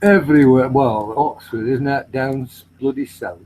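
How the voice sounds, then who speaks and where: A man's voice: medium pitch, normal speed, a little mellow, a little hiss or hum, poor audio. A man hosting a livestream, bantering casually and swearing freely.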